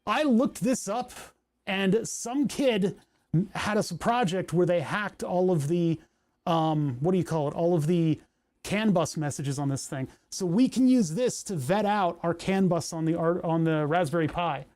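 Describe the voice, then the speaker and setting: High-voiced rambling male streamer. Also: a little slow, darkish tone. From Pennsylvania. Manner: rambling, self-deprecating, reads chat aloud. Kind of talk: casual livestream chat.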